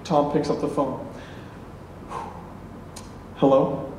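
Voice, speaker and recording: High-voiced man telling a story on stage. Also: moderate pace. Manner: animated, acts out the other people's lines, laughs while telling. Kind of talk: live storytelling performance. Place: stage at a live storytelling event. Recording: echoey room, mic at a distance, faint background noise.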